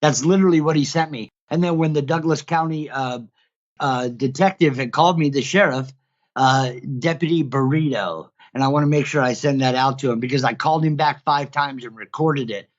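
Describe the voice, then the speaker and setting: A man who is a guest, telling his own story in casual conversation and growing loud as he acts out what happened. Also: medium pitch, a little fast, muffled recording. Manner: animated, gets loud when re-enacting events. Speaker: guest, father who counsels other fathers. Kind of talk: casual conversation, recounting events.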